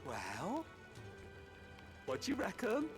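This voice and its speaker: A man's voice: high voice, huge pitch swings, slow, full character voice. An actor playing a cheerful male craftsman in a video game, talking chattily and persuasively. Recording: video game audio with music.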